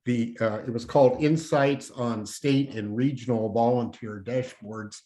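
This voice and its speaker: A man volunteer speaking in an online meeting, halting and full of fillers. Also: medium pitch, steady tone, mellow. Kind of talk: casual meeting chat. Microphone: video call.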